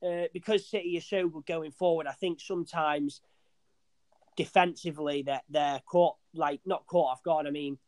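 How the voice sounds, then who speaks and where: A young man, talking fast and loose about football. His voice sits a little high for a man and sounds dry and close, as he rambles, restarts and swears freely. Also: steady tone, darkish tone, no room sound. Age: young adult. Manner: rambling, sweary, restarts often, says "mate". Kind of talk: casual football chat.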